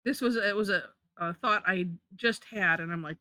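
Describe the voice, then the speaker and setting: A woman's voice: mid-range voice, measured pace, sharp tone, no echo. A woman leading a live drawing lesson, chatty, correcting herself and laughing often. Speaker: drawing instructor.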